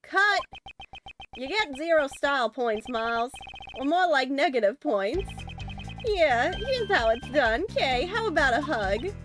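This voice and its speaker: A woman's voice: sits high, lively intonation, unhurried. A woman reading a cocky, teasing young man. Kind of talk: reading game dialogue aloud. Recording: lofi music playing behind.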